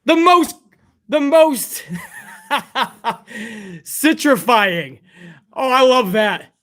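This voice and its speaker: A hoarse man hosting a live stream, chatting casually and profanely while reading out fan messages. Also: very high voice, drawn-out words. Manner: profane, excitable, chummy.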